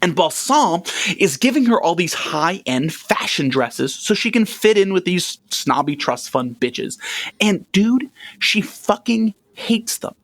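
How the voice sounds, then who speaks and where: Animated, profane male podcast host. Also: high-pitched, a little slow. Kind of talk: casual comedic history chat.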